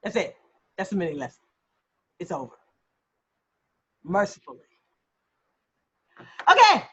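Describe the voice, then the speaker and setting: A woman's voice: on the low side, lively intonation, normal speed, darkish tone, husky. A woman acting coach giving a chatty, self-deprecating mini lesson on a video call, laughing often. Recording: dull lo-fi video call audio.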